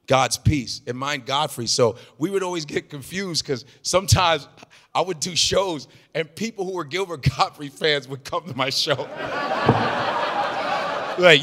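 A man doing improvised stand-up comedy, loud and animated, swearing and shouting his punchlines. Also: fairly high pitch, measured pace, long reverb tail, noisy background.

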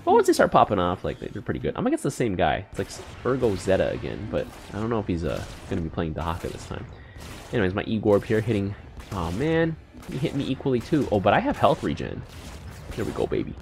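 Excitable man with wildly swinging pitch. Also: quick pace, gravelly, soft background music. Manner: excitable, slangy, with sudden squeals and mumbled asides. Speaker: gaming YouTuber. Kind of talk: casual live gameplay commentary.

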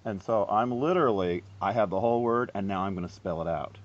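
A man giving a casual, self-deprecating harp lesson, chatty and quick to laugh at himself. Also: fairly low pitch, lo-fi sound. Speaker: harp teacher.

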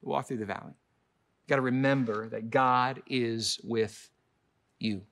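This pastor preaches slowly and emphatically with fairly even intonation overall, yet still breaks into sudden loud high peaks and soft low asides, repeating words for emphasis.

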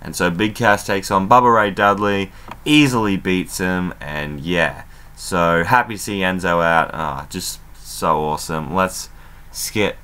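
A man casually recapping a wrestling show as an excitable fan, chatty and loose, with plenty of fillers and some swearing. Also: low voice.

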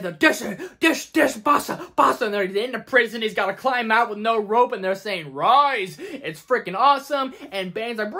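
A young woman hosting a casual movie countdown vlog, excitable and gushing, swearing freely. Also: mid-range voice. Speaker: movie video host.

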